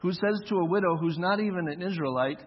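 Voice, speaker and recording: A husky man in his forties preaches a sermon in a relaxed, chatty storytelling style, and his voice sits a little high. The sound is dull and lo-fi, with a long echo from a church hall. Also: fast talker. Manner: conversational storytelling, acts out quoted voices. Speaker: pastor.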